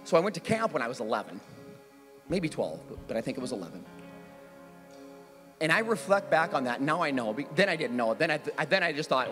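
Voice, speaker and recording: A middle-aged pastor with a high voice preaches, telling a story with animated, self-mocking energy and breaking into squeals as he acts out his younger self. His voice carries through the long reverb of a large hall, with faint music underneath. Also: brisk, long pauses. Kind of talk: sermon with personal storytelling.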